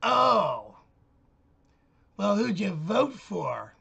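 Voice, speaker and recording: A man voicing a hostile young woman neighbor who yells back at him from a distance, her voice shrill and loud. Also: very animated, extremely slow, vocal fry, breathy edge, exaggerated voice. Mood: indignant.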